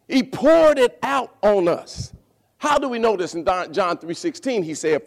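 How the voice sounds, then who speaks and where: A male pastor preaching a sermon, animated, repeating words and calling for responses from the congregation. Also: high-pitched, takes it slowly, gravelly.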